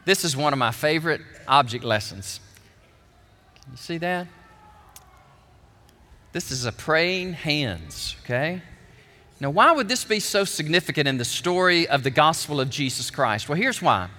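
Male preacher, high bright voice, animated object-lesson sermon, hall reverb. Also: measured pace, pauses often. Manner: animated, emphatic storytelling.

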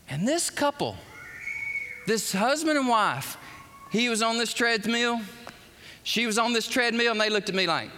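Male pastor, high pitched, animated storyteller, booming hall reverb. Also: unhurried, pauses often. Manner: animated storytelling, acts out quotes. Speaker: preacher. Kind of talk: sermon.

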